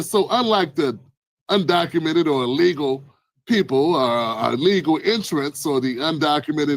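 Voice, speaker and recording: A man calmly explaining the news as an online commentator, in a measured, wry way. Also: high-pitched, no room sound, poor audio.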